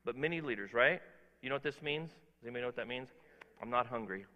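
A pastor preaching a sermon, emphatic, swinging between quiet asides and loud exhortation, putting questions to the congregation. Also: male voice, mid-range voice, quick pace, in a large hall, highs cut off.

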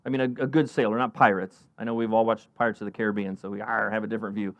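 A middle-aged man preaching a sermon as pastor, animated, acting out Bible characters in a raised voice. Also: rapid-fire, no echo, highs cut off. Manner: animated, acts out Bible characters with rising pitch.

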